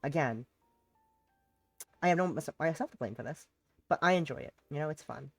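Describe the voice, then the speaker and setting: A woman's voice: low-pitched, normal speed, vocal fry, breathy edge, no echo, faint music behind. A woman streamer with a sick voice, chatting casually and playfully with many fillers while playing a visual novel. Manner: rambling, playful, filler-heavy. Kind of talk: casual let's-play chat.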